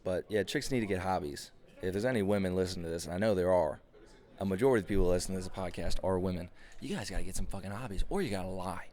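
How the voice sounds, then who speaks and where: Low, a little mellow and rapid-fire, this podcast host in his twenties rants casually for comic effect. He swears heavily and rambles, packing his talk with fillers.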